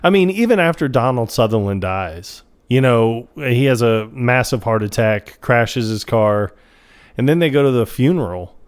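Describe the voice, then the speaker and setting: A man's voice: mid-range voice, expressive, normal speed, clean tone. A man co-hosting a podcast, chatting casually and retelling scenes in a rambling way with lots of fillers. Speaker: podcast co-host. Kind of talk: casual chat.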